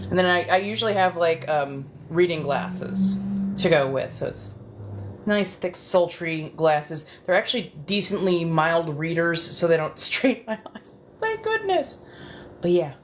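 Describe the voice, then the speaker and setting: An ASMR creator with a strikingly low voice speaks softly and unhurriedly, chatting casually as she drifts from one thought to the next. A faint hum of room ambience can be heard behind her.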